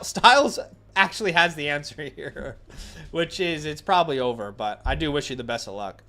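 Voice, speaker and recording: A man's voice: sits high, pushed and bright. Rambling man giving blunt fantasy picks. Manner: rambling, thinks aloud with fillers and restarts, blunt opinions. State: runny nose. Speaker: fantasy football host answering viewer questions. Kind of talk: casual live-stream chat.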